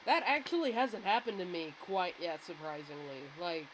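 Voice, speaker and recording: A woman's voice: on the low side, very animated, normal speed. A woman co-hosting a podcast in casual chat, blunt and matter-of-fact. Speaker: podcast co-host. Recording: noisy with clear hiss.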